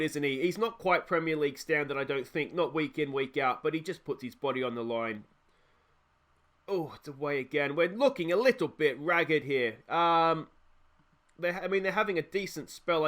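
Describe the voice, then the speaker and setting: A young man with an Australian accent, hosting a let's play and giving chatty, excitable live commentary on a football management game, often talking to his players. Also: fairly high pitch, normal speed.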